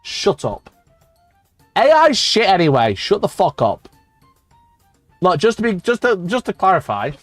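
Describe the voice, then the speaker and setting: A man's voice: high voice, big pitch swings, measured pace, pauses often, dry recording, soft background music. A man hosting his channel, ranting sarcastically in casual commentary, swearing a lot and laughing. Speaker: YouTube host.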